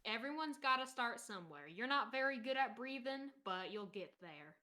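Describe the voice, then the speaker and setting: Woman playing a tall sunny adventurer guy, fake southern drawl, calm and kinda preachy, bright lively voice. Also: fairly high pitch, normal speed. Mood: earnest, soothing. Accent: put-on American Southern. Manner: soothing, gently preachy. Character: tall, relentlessly cheerful male adventurer. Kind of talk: tabletop role-play.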